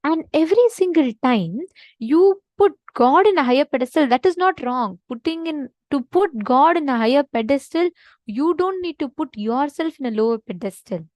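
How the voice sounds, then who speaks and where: A woman's voice: sits high, lively intonation, normal speed, a little mellow, no echo. A woman giving a devotional teaching session, speaking earnestly and emphatically and repeating her key points. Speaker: spiritual teacher.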